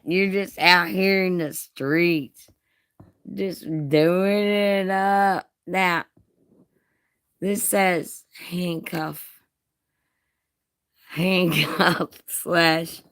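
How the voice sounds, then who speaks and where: Low creaky-voiced woman, slow and joking. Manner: teasing, laughing, talks to viewers in chat; folksy slangy talk. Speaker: livestreamer showing jewelry. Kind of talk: casual live-stream chat.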